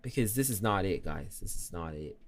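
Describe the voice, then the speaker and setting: A man's voice: sits low, lively intonation, a little fast. A young man streaming and chatting casually. He talks about himself in the third person and mocks himself. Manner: self-mocking and chatty. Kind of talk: casual live-stream chat.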